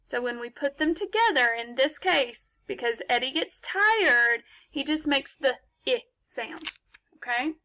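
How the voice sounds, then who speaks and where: Slow, bright-voiced woman teaching phonics. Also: high voice, expressive. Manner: slow, patient, encouraging, asks and answers her own questions. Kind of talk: remote phonics lesson for young children. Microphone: laptop mic.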